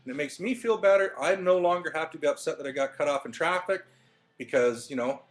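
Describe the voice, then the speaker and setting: A man's voice: a little high, a little fast. A man talking casually into his webcam in his living room, telling a motivational story with plenty of fillers and restarts. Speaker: vlogger.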